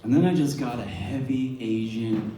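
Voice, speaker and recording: A man's voice: medium pitch, normal speed, noisy background. A male stand-up comedian telling profane, rambling stories at a bar. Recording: echoey bar from a distance. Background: laughing crowd.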